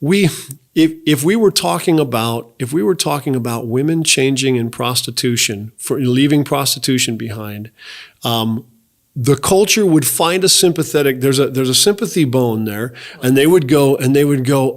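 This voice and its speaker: A man's voice: medium pitch, normal speed. A man hosting an interview as a mission director, speaking in an earnest, impassioned conversational way. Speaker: host, director of a residential rescue mission.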